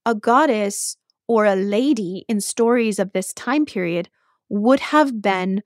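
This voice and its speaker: A woman hosts a podcast, retelling an old myth in a chatty, animated way and breaking off for asides to the listener. Her voice sits at an ordinary pitch on a close mic, and the recording is dry. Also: slow pace, dry recording. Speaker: podcast host.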